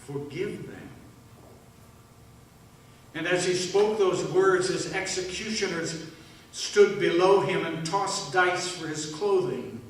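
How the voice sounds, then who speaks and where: A man delivering a slow, solemn first-person dramatic monologue in a church service, with hushed pauses. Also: high-pitched, a little hiss or hum. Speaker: worship leader. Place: church sanctuary. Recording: echoey room, mic at a distance.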